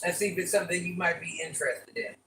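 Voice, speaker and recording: On her casual live stream, an older woman talks with her viewers and asks again and again for likes and subscriptions. She speaks fast in a low, slightly bright voice with fairly even intonation. The room is echoey, she sounds distant, and there is a little hiss or hum.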